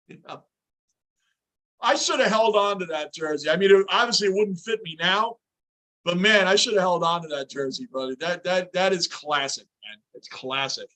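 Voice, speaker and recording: A man's voice: sits high, moderate pace, long pauses, bright, forceful tone. A middle-aged man hosting a fan livestream, chatting casually and reading viewer comments aloud as he reacts to the game. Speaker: livestream host.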